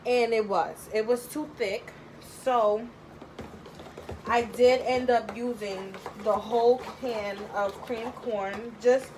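A young woman home cook vlogger rambles chattily through a casual cooking tutorial in her home kitchen, thinking aloud with lots of fillers. Her voice is a little high and a little mellow, with fairly even intonation and a slow pace. The audio is poor, with a little hiss or hum.

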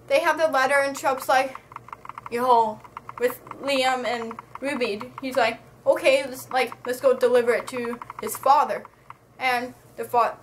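A woman's voice: high-pitched, fairly bright tone, a little hiss or hum, rough recording. A woman giving a casual, exasperated review to camera, talking in slang and ranting with a lot of energy. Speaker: book and movie reviewer.

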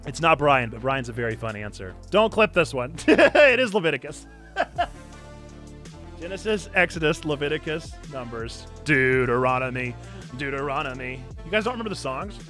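Lively, excitable streamer man. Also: medium pitch, fairly quick, faint music behind. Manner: excitable, bursts into loud cheering. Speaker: pastor streaming a video game. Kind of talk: live-streamed gameplay commentary.

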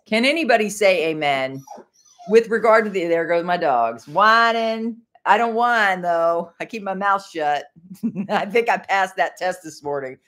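A woman's voice: mid-range voice, lively intonation, measured pace, a bit bright. A middle-aged woman hosting a rambling faith livestream from home, chatty and easily distracted, laughing often. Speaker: livestream host.

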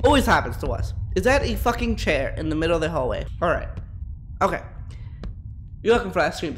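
A man with a high-pitched voice narrates his horror game live, joking crudely and rambling at his chat. A faint layer of noise sits under the recording. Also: sing-song, a little fast, long pauses. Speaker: streamer. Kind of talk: live gameplay commentary.

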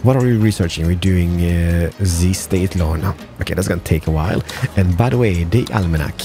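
A man hosting a gameplay video, commentating casually in a playful, excitable way with jokey asides. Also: low-pitched, fairly quick, over music.

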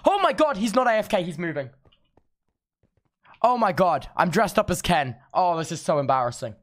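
A man's voice: on the high side, lively intonation, moderate pace. A young man streaming a game, giddy and starstruck, gasping and babbling as he chats. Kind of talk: excited gaming chat.

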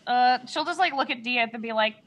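A woman playing a tabletop game, who talks in a halting, giggly way with lots of fillers. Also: a little high, a bit bright. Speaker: player. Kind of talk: casual tabletop play.

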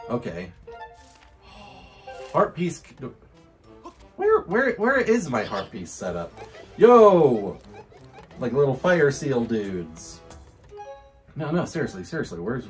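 An excitable man plays through a game and narrates every move to himself. His pitch jumps all over as he whoops and laughs, yet he talks at an easy, drawn-out pace. Soft game music runs quietly beneath him. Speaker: gaming channel host. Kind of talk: let's play commentary.

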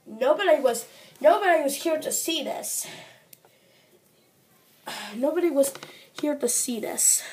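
A woman narrating an improvised toy train story in a halting, play-along way. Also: sits high, expressive, darkish tone, a little hiss or hum.

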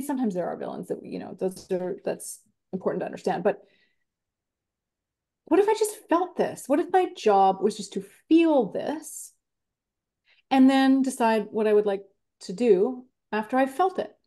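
An animated woman with a fairly high, warm voice speaks as a podcast guest. She talks in a reflective, expressive way and acts out her own thoughts as she explains them. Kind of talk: reflective conversational interview.

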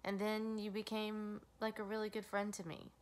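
A woman's voice: mid-range voice, monotone, moderate pace. A middle-aged woman recording a heartfelt, tearful birthday video message for her older sister, rambling emotionally with many fillers. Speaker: younger sister.

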